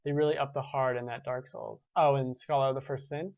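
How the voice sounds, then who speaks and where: A man's voice: mid-range voice, fairly even intonation, fairly quick, creaky, darkish tone, no echo. Young guy hosting a gaming show, rambly, kinda muffled lo-fi audio. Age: 20s. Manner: rambling, restarts, chuckles. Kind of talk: casual chat reading viewer comments.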